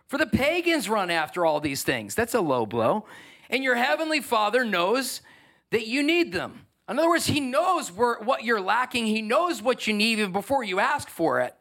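A man with a fairly high, bright-toned voice delivers a sermon as a pastor. He reads scripture and comments on it in an animated, emphatic way, often throwing questions at the congregation. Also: normal speed, gravelly. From New York.

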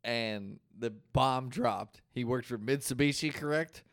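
A man's voice: medium pitch, a little slow. A man co-hosting a casual podcast who reacts with slang and easy laughs. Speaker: podcast co-host. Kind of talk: casual chat.

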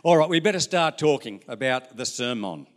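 A man's voice: mid-range voice, lively intonation, moderate pace. An older man with an Australian accent, preaching a sermon as a pastor, telling folksy stories with asides to the congregation. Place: church.

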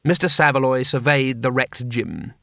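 A man reading an audiobook in a measured, wry style on a close studio mic. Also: medium pitch, expressive, vocal fry, a bit bright, no room sound. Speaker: audiobook reader. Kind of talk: scripted narration.

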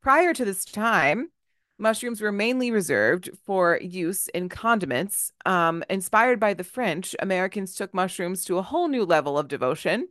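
In studio-quality, dry audio, a woman co-hosting a casual podcast presents her research by reading notes aloud. Her mid-range voice is expressive and a bit bright at normal speed, and she stumbles over hard words and laughs at herself.

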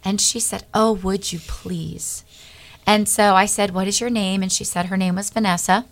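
A middle-aged woman, a guest on a Christian talk show, telling a personal testimony in an earnest, animated way and acting out the dialogue. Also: mid-range voice, moderate pace.

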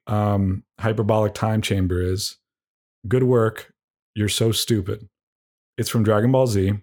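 A young man delivering a rambling, deadpan comedic monologue as a podcast host, tossing in mock insults. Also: fairly low pitch.

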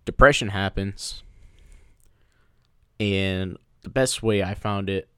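A man co-hosting a casual podcast, telling a personal story in an animated way and slipping into playful voices. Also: sits low, slow, clean tone, no room sound, studio quality. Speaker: podcast co-host. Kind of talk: casual chat.

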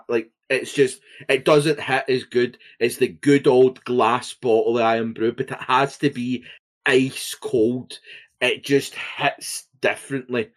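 A man with a Scottish accent, co-hosting a podcast in casual chat, animated and swearing freely. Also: medium pitch. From Scotland. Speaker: podcast co-host.

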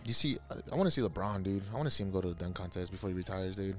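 A young man co-hosting a podcast, talking in excitable, slangy bursts. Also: deep voice, racing, faint music behind. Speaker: podcast co-host. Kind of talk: casual podcast chat.

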